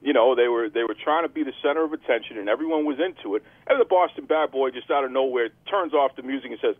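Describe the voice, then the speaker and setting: A man's voice: mid-range voice, quick pace, no room sound, narrow, tinny audio. A man hosting a casual wrestling podcast, with a hype-man announcer delivery. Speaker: podcast host.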